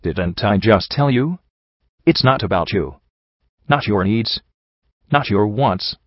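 A man reading the part of a stern, cryptic male card dealer in a soft, raspy voice, pressing with questions. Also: fairly low pitch, expressive, takes it slowly, no echo. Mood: probing. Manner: lecturing, probing questions. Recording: dull lo-fi audio.

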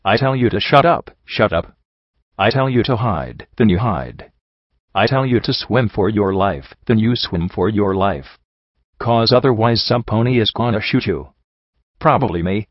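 A man's voice: fairly low pitch, expressive, unhurried, no echo. A man voicing a tough, bossy female pony riverboat captain who bluntly lays down the rules, on a dull, dry recording. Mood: stern.

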